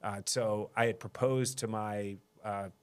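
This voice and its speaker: A man's voice: lowish voice, steady tone, a little slow, clean tone. A man in his thirties, a mayor sitting as a guest, tells a personal story in a loose, conversational way. He pokes fun at himself and laughs easily. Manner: self-deprecating, laughs often. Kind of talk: casual interview storytelling.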